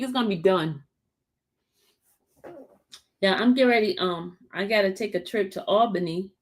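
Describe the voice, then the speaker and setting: Chatty woman livestreaming to viewers. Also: medium pitch. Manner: chatty, addresses viewers as y'all; loud emphatic repetition. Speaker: livestream host. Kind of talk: casual livestream chat.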